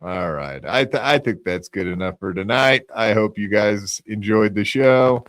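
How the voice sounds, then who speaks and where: A man's voice: on the low side, measured pace, fairly bright tone, no room sound. A man hosting a live podcast on his own, delivering a profane, taunting rant and casual sign-off chatter. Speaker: podcast host.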